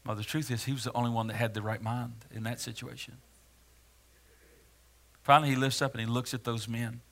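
A male pastor preaching a sermon in a dramatic way, swinging from hushed words to loud ones. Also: medium pitch, little pitch movement, brisk, gravelly.

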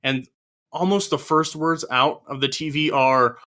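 Bright-voiced man recapping a film dryly. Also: a little high, measured pace. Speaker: podcast co-host. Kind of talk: casual chat, recapping a movie from notes.

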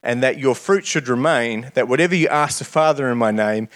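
A man's voice: mid-range voice, a little fast. A man preaching a sermon in an earnest way, often repeating words as he starts his phrases.

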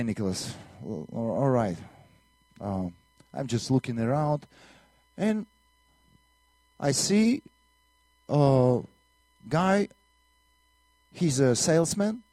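A man's voice: mid-range voice, sing-song, slow pace, long pauses, mellow, no echo. A man from Latvia with a Russian accent, a minister and missionary, telling a testimony story to a congregation in broken English with earnest repetitions. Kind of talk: testimony sermon.

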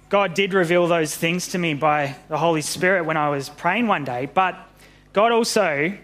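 Guy reading a kids bible story, lively and friendly, slightly high voice. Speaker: pastor.

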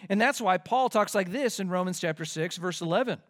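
A man's voice: high-pitched, lively intonation, normal speed, a bit bright. A man preaching a sermon as pastor, asking the listeners rhetorical questions and pressing his points with rising force.

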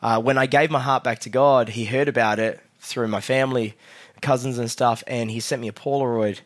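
A young man giving a sermon as a guest preacher, telling his own story quietly and then rallying the congregation loudly. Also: steady tone, moderate pace. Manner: drops soft and low for the story, then loud and rousing with the crowd. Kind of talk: sermon with personal testimony. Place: church hall.

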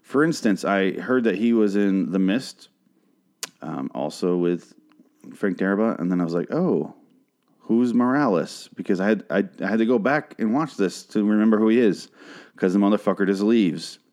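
Young male podcast host, casual profane recap rant, rambling, heated, slightly low pitch. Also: moderate pace, darkish tone.

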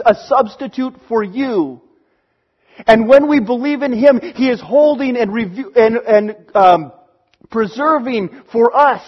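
A man with a notably high voice preaches a sermon, earnest and building to emphatic peaks. The recording is dull and lo-fi.

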